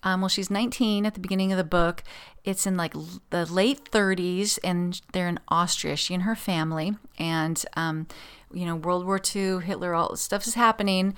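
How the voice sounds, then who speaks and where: A woman with a slightly low voice hosts her podcast from a home office at a desk. She chats casually and rambles, with plenty of ums, uhs and restarts. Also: steady tone, moderate pace, a bit bright, clean tone. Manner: chatty, rambling, many fillers and restarts. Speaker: podcast host. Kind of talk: casual chat.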